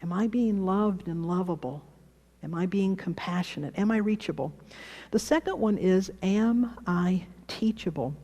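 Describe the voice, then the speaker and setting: A woman minister giving a sermon, telling parables and acting out the characters' lines with slow, emphatic questions. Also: mid-range voice, dark tone, big-room sound. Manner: storytelling, acting out quoted voices, slowing for emphasis. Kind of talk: sermon with told stories.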